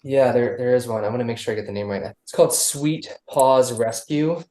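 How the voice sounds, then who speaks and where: A musician speaks a little fast in a warm, medium-pitched voice as a guest on a casual podcast. The interview chat is loose and rambling, full of restarts, with a roomy echo in the recording.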